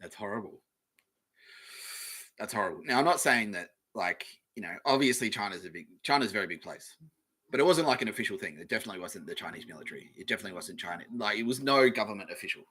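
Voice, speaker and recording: A man's voice: fairly low pitch, expressive, fast, sharp tone, husky, low-quality recording. A man with an Australian accent hosting a comedy podcast, rambling through a jokey monologue, swearing often and laughing at his own jokes. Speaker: podcast host.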